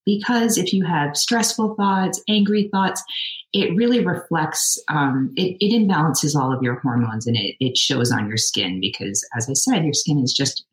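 A woman's voice: low-pitched, moderate pace, roomy sound, rough recording. A woman dermatologist giving practical skin-care advice in an interview. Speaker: dermatologist guest. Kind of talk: expert interview answers.

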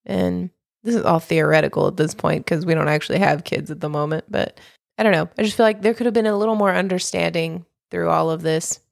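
A woman's voice: fairly low pitch, fairly quick, vocal fry, no echo, studio quality. A woman co-hosting a podcast in casual chat, rambling with frequent laughs and acting out quotes. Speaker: podcast co-host.

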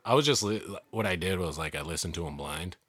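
A man co-hosting a podcast, telling jokes with animated delivery in a casual chat. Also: low-pitched, fast, husky, no echo. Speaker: podcast co-host.

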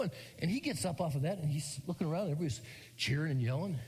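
A man's voice: fairly high pitch, fast talker, breathy edge, big-room sound. A middle-aged man preaching a sermon, telling a story and acting out the people in it. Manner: animated storytelling, acts out quotes. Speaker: pastor.

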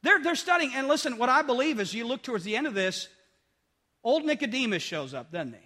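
A man preaching a sermon in a church sanctuary, his high, bright voice ringing with a long hall reverb. He swings from loud emphatic peaks to hushed drops and repeats key phrases to drive them home. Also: very animated, fairly quick.

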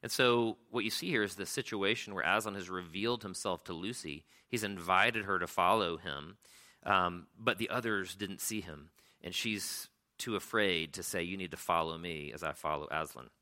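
A man giving a sermon in a casual, halting way, retelling and reading a storybook. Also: low-pitched, sharp tone. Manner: casual, halting, with frequent fillers.

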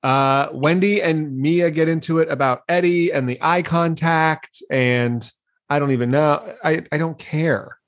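A woman's voice: low voice, measured pace. A woman co-hosting a podcast, recapping a reality show in a dry, dismissive, casual way with frequent laughs. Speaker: podcast co-host.

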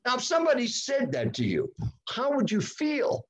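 A man in his seventies, a guest in a podcast interview, telling a personal story with dramatic swings in pitch. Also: huge pitch swings, moderate pace. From United States. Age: 70s. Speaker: guest speaker.

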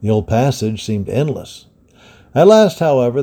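A man reading an adventure story aloud with steady, dramatic storytelling. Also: on the low side, moderate pace, creaky, breathy edge. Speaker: storybook reader. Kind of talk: scripted narration of an adventure story.

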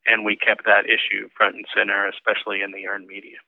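Dude remembering old campaign stuff on a phone call, flat low voice, uh's and you knows. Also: male voice, quick pace, gravelly, no echo. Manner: conversational, with fillers. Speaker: former campaign manager. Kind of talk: interview recollection. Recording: tinny phone line.

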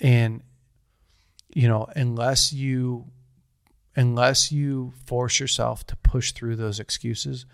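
A man in his thirties tells a personal story in casual conversation, earnest and rambling, often restarting his sentences. His mid-range voice is gravelly, and the recording is clean studio sound with no echo.

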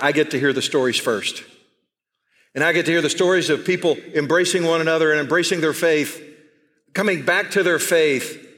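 A middle-aged man with a Texan accent preaching a sermon to his church, emphatic and repeating key phrases, slowing down to stress his points. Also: a little high, fairly bright tone, big-room sound. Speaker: pastor. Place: church sanctuary.

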